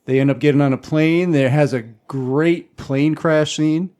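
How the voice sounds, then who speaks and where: A man's voice: a little high, steady tone, unhurried, a little mellow, clean tone. A man chatting casually on a podcast, retelling a film in a loose, rambling way with lots of fillers. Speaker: podcast host. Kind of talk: casual chat.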